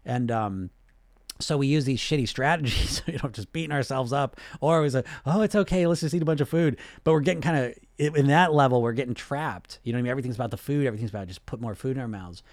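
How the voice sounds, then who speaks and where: Animated casual man coaching on weight loss. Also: mid-range voice, quick pace, no room sound. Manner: animated, casual, acts out inner voices, laughs often, swears.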